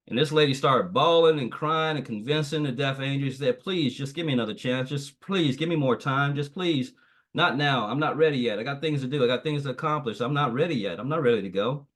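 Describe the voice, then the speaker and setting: Man giving a preachy motivational training. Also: mid-range voice. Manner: preachy, repeats phrases, tells a parable. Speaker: guest trainer.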